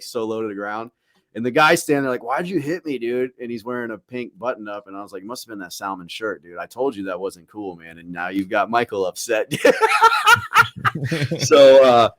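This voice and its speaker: A man's voice: medium pitch, dry recording, studio quality. A young man on a podcast, telling a profane anecdote in casual chat and acting out what other people said. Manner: profane, animated anecdote-telling with acted-out quotes. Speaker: podcast co-host.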